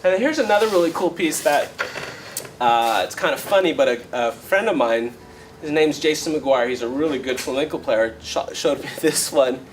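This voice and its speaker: A man's voice: on the high side, expressive, moderate pace, a little hiss or hum, low-quality recording. A man teaching a flamenco guitar workshop in a casual, chatty way, often checking in with "right?" and "okay?". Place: workshop room. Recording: loud guitar under the voice. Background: guitar playing.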